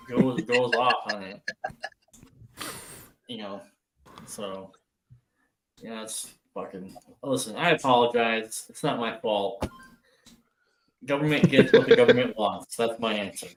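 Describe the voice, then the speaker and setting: A man's voice: medium pitch, slow, pauses often, a crowd in the background. Older wisconsin guy w/ midwest accent, swears a lot, rambles, echoey room. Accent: Upper Midwest American. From Wisconsin, USA. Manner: rambling, profane, laughs a lot. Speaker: livestream co-host. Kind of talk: casual chat.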